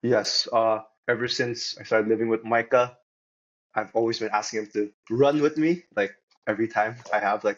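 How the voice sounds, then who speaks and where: A young man chats as a podcast guest in a relaxed, upbeat way, laughing easily. His voice sits fairly low. The recording sounds dull and lo-fi. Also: moderate pace. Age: young adult. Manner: easygoing, chatty and upbeat, laughing often. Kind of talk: casual podcast chat.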